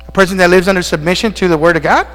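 A man's voice: high voice, rapid-fire, a bit bright. A male pastor preaching a sermon, asking the congregation questions and calling out amens, sounding out of breath. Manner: call-and-response preaching with frequent amens and questions. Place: church sanctuary. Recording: long church reverb with mains hum.

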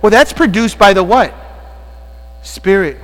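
Speaking unhurriedly with lively intonation, this man's high voice belongs to a pastor preaching in a church sanctuary. Out of breath, he tosses questions to the congregation and calls out amens again and again. Expect long reverb from the church and a mains hum in the recording.

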